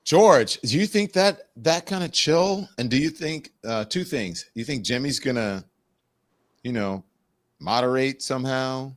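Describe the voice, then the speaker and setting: A man hosting a live news talk show, his voice sitting at an everyday middle pitch. He introduces panelists with punchy, booming energy. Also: animated, measured pace. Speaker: host.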